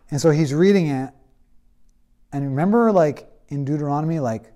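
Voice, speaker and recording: A man's voice: a little high, animated, brisk, dark tone. A man teaching a Bible history class in a casual, storytelling way with many fillers. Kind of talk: classroom lecture.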